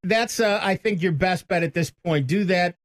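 A talk radio host man with a high voice, chatty and quick to banter. He reads the news items aloud and takes calls. The studio sound is very dry. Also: no room sound. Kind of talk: casual tech talk radio.

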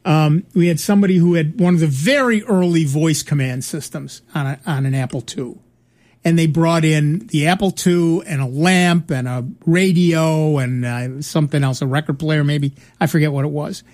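A man's voice: a little high, moderate pace, a little mellow. A middle-aged man chatting casually on a show, telling rambling stories with many restarts. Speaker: podcast co-host. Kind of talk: casual chat, storytelling.

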